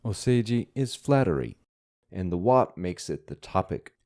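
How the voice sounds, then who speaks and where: A man's voice: sits low, very animated, moderate pace, a little mellow. A man teaching language, patiently breaking down words and grammar in a methodical way. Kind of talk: explaining vocabulary.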